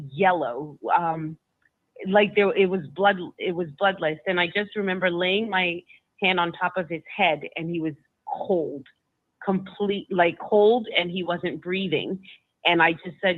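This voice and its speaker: Her lowish voice holds a steady tone as this woman guest emotionally retells a personal story, halting, stumbling, and repeating herself. The audio is dry, without room echo, and tinny and narrow like a phone line.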